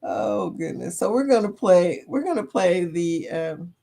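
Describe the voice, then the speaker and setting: A woman chatting casually with her livestream audience, talking slowly and unhurriedly. Her voice rises and falls in lively swings, and she breaks into laughter often. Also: fairly low pitch. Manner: chatty, laughs often, talks to chat as y'all. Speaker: livestream host.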